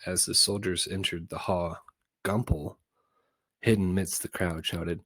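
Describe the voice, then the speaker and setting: Man reading aloud, low voice, dry close sound, casual and goofy. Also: steady tone, unhurried, a bit bright, husky, dry recording. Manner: goofy, casual, with small slips and self-corrections. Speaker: book reader. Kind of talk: reading a children's novel aloud.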